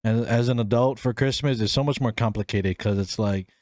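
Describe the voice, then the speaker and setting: A young man in his twenties hosting a solo podcast, telling stories in a casual, animated way and acting out the voices in his quotes. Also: mid-range voice, brisk, dry recording, studio quality. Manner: animated storyteller, acts out voices in quotes, laughs often. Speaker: podcast host.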